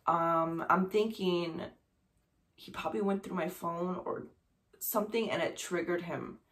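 A mother telling a personal story to camera, pausing often and restarting her sentences. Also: on the low side, steady tone. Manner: halting, with many fillers and restarts.

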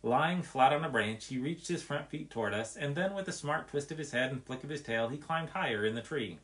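A man reading a nature story aloud in an expressive, measured way. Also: fairly high pitch.

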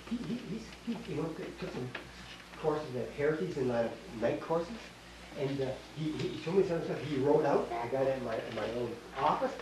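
An older man with a Canadian accent teaching a Bible class in a small church hall, emphatic, repeating himself and quizzing his listeners. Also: fairly high pitch. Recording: echoey room, distant mic, faint hiss.

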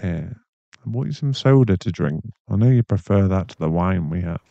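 A young man in a whispered role-play, voicing a caring, protective boyfriend who speaks softly and reassuringly, with a gravelly voice. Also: low voice, expressive, dry recording, muffled recording. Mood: soothing. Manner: soft, reassuring, slow-spoken. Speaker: ASMR voice actor.

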